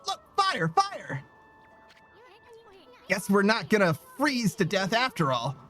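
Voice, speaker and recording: A man voicing a tiny, bossy, chatty male sidekick in a game, reading his lines in a high, brash voice. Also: huge pitch swings, slow, sharp tone, faint music behind, exaggerated voice. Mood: excited.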